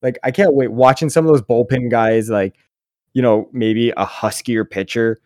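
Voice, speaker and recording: A man's voice: mid-range voice, steady tone, normal speed, a little mellow, no echo, studio quality. Jokey man on a casual podcast. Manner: jokey, laughs while telling anecdotes. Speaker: podcast co-host. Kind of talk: casual chat.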